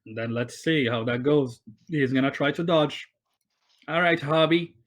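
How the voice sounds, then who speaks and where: A man's voice: fairly high pitch, measured pace. Casual rambling male game master. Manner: rambling, with many fillers and restarts. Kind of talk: narrating a tabletop game. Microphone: online voice call.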